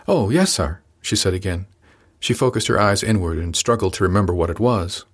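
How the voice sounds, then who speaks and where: Low-voiced male audiobook narrator. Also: a little fast. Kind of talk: scripted first-person narration.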